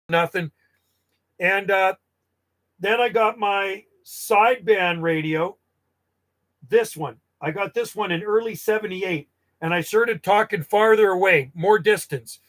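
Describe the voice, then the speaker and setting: A man's voice: sits high, a bit bright. A man in his fifties from Canada, telling rambling stories from his years as a radio hobbyist and often correcting himself. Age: 50s. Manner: rambling, self-correcting, nostalgic. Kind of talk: casual storytelling.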